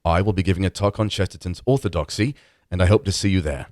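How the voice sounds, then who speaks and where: A man's voice: deep voice, fast talker, darkish tone, dry recording, clean studio sound, lightly acted. A man putting on a polished British TV announcer. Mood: formal. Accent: British, TV newsreader style. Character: male British TV-announcer type reading a promo.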